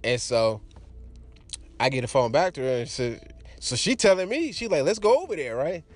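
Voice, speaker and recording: A man's voice: mid-range voice, sing-song, normal speed. A young adult man casually telling a crude personal story, laughing often and acting out the voices of the people in it.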